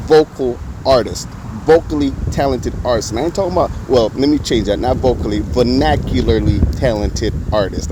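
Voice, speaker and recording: A man giving casual, profane ranting commentary in an animated, mocking way. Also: mid-range voice, noisy background.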